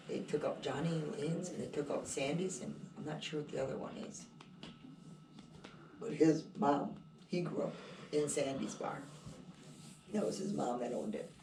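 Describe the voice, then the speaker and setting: A storyteller in a cafe, telling a casual anecdote in a rambling, animated way and repeating "I said" and "he goes.". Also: mid-range voice. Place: indoor cafe. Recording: roomy, distant, noisy.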